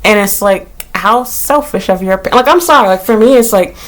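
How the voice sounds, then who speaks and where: A woman talking casually to her vlog audience from her small apartment, rambling with lots of "like" and cursing freely. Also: moderate pace. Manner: animated, rambling, heavy use of "like", swears freely; shrieks and jumps high when retelling her panic. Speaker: vlogger.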